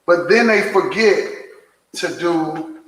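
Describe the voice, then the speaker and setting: A man giving an emphatic, preachy motivational business talk on a livestream, repeating phrases and sometimes shouting. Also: fairly high pitch, slow pace, slightly rough, big-room sound. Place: indoor room filming himself on several cameras.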